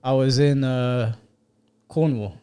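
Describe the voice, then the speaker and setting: A man's voice: mid-range voice, takes it slowly, clear, resonant tone. A young man, co-hosting a podcast and telling stories bluntly and with lots of swearing. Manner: blunt, swearing, animated storytelling. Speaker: podcast co-host. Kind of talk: casual chat.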